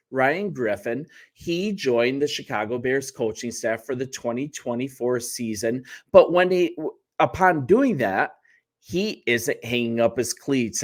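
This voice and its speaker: A man hosting a sports channel, talking casually to the camera in a chatty, wry way with joking asides and self-corrections. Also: medium pitch.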